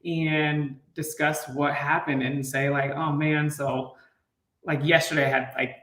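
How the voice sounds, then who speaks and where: A man's voice: fairly high pitch, flat delivery, a little slow, fairly bright tone, far from the mic. A man in his thirties, a fitness coach and father, chatting casually to viewers and laughing often. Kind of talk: casual live chat to viewers. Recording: roomy, off-mic.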